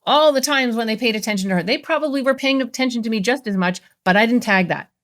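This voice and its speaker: Animated woman therapist telling stories. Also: a little high, quick pace. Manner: animated, expressive storyteller. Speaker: therapist, podcast guest. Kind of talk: interview storytelling.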